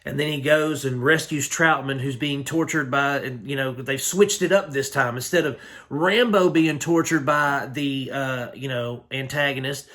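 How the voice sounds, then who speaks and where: A man's voice: mid-range voice, normal speed, fairly bright tone. Rambling, slangy male film reviewer. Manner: rambling, slangy, with lots of fillers. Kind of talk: casual movie recap.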